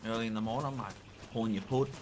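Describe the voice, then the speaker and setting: A man's voice: fairly low pitch, steady tone, fast talker, a little mellow, a little hiss or hum. A man bantering crudely while role-playing in a game, joking and egging the others on. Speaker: roleplay player. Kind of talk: casual in-game roleplay banter.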